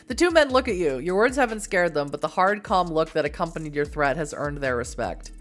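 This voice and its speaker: Woman, game playthrough reading, casual asides, lowish voice, lively pitch, faint music. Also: moderate pace, pauses often. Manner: expressive reading, laughs at her own slips. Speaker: game player reading aloud. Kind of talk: reading an interactive novel aloud with casual asides.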